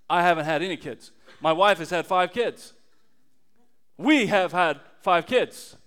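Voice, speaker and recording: Male pastor, 30s, high clean voice, lively sermon delivery with loud and hushed swings. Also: smooth. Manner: animated, swings from loud emphasis to quiet low asides.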